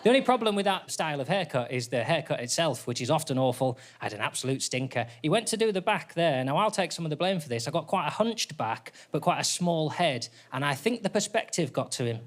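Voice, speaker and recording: A man's voice: a little high, fast, hardly any pauses, a little hiss or hum. A man, doing a dry, self-deprecating stand-up routine on stage. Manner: deadpan, self-deprecating, wry. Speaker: stand-up comedian. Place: theatre stage with audience laughter.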